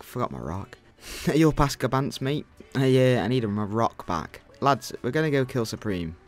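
A young man co-hosting a gaming channel, commenting on his gameplay in a grumbling, exasperated rant. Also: lowish voice.

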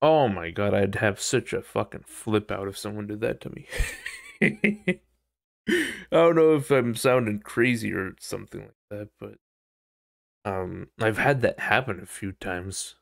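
A man with a low, gravelly voice talks through a casual solo podcast monologue. He rambles, swears freely and breaks into sudden animated outbursts. The sound is dry and close, with no room echo. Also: a little slow. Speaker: podcast host.

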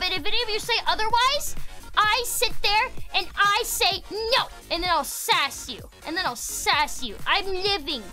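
A woman streaming a game, chatting casually with her viewers, excitable, repeating herself and swearing. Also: very high-pitched, moderate pace, faint music behind. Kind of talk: casual gameplay commentary.

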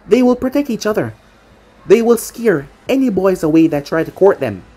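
A woman voicing a hot-tempered male king and protective father who breaks into loud outbursts. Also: medium pitch, big pitch swings, moderate pace, breathy edge. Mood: agitated.

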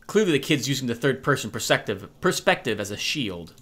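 A man reading a video game aloud and voicing a low, clinical inner voice of the detective's mind. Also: big pitch swings, fairly quick, close to an everyday voice. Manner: low, analytical, matter-of-fact.

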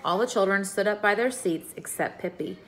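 A woman's voice: medium pitch, brisk, fairly bright tone, a little hiss or hum. Woman reading a storybook aloud. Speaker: reader.

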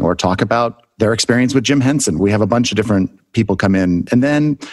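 Male host, lowish voice, easygoing and instructive. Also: a little mellow. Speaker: podcast host and mentor. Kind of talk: casual group interview.

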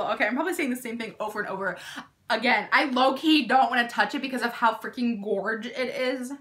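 Bubbly, bright-voiced young woman vlogger. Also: fairly high pitch, fairly quick. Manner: bubbly, gushing, excitable. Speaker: beauty YouTuber. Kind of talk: casual unboxing vlog.

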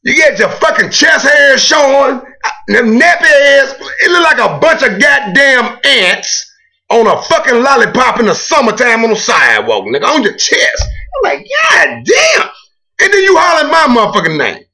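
A man's voice: very high voice, very animated, moderate pace, vocal fry, sharp tone. A man ranting to the camera in a video blog, boastful and profane, taunting a rival. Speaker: video blogger. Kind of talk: trash-talking rant to camera.

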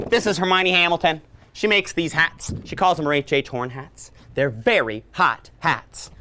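A woman in her thirties teaching young children letter sounds in a library, playful and animated, making silly sounds and growls for them to copy. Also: lowish voice, moderate pace, clear, resonant tone. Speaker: children's entertainer. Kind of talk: interactive children's phonics lesson. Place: public library room with children. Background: faint ukulele.

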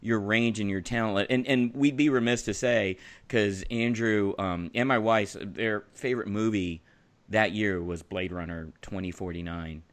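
Low-voiced excitable man co-hosting. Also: a little slow. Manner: excitable, breaks into laughter. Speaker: podcast co-host. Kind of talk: casual chat.

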